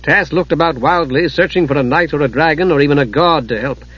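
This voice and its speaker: A man reading a fantasy novel aloud in measured, dramatic audiobook narration. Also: a little high, fairly bright tone, slightly rough. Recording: dull lo-fi recording.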